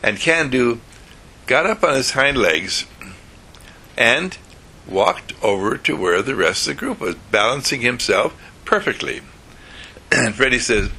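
A man narrating a children's bedtime story in a slow, animated way with chuckles. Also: mid-range voice, slightly rough.

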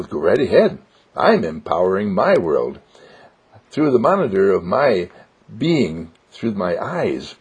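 A man's voice: medium pitch, gravelly, a little mellow, slightly rough. A man giving a spiritual motivational monologue in a sing-song, joyful way, repeating simple affirmations, on a dull lo-fi recording. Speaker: inspirational speaker.

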